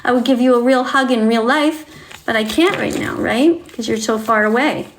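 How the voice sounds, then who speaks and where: A woman's voice: fairly high pitch, normal speed, slight background noise. A woman on a livestream, reading to viewers and talking to them in a coddling, sing-song way, like a teacher with small children.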